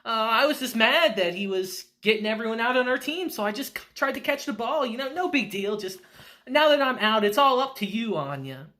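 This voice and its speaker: A man's voice: extremely high pitch, lively intonation, brisk, pushed and bright, pitched above the performer's own voice, exaggerated voice. A man voicing an embarrassed young schoolboy who stammers out excuses. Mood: flustered.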